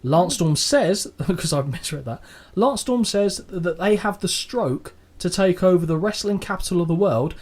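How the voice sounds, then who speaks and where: A man's voice: sits high, normal speed. A man co-hosting a casual podcast, joking and swearing as he reviews an old show. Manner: sweary, jokey, animated. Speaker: podcast co-host. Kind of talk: casual chat.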